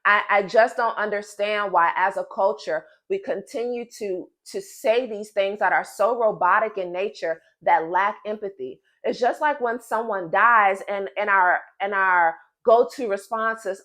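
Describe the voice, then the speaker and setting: A pregnant woman in her thirties venting to camera in a casual vlog, emphatic and animated, talking straight to her viewers. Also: mid-range voice, a little slow, hardly any pauses. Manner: emphatic and animated, addresses viewers as "y'all" and "girl". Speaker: vlogger.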